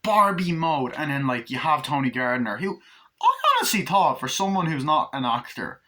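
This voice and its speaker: A man giving a casual, excitable movie review, retelling scenes and swearing freely. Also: mid-range voice, fairly quick.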